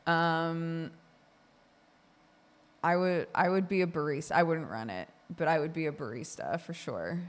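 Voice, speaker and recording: Chatty streamer lady from oregon, kinda low voice, rambly with lots of likes and ums, laughs a bunch. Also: unhurried, pauses often. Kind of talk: casual chat with chat.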